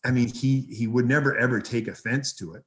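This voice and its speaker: A man, a hockey coach, telling lively anecdotes as a podcast guest and swearing freely. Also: medium pitch, a little fast. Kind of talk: casual storytelling.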